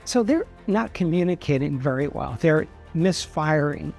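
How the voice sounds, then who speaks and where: Man, church speaker, earnest storyteller, slightly high voice, faint music behind. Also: expressive, unhurried, gravelly, darkish tone. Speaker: church speaker promoting an event. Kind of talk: event announcement with illustrative story.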